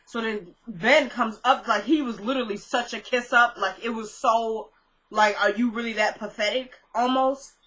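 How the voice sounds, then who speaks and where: Woman recapper, bright tone, casual chatty delivery, quotes the characters as she goes. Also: fairly high pitch, fairly even intonation, moderate pace, low-quality recording. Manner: chatty, retells scenes with quoted lines and asides. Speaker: recap vlogger.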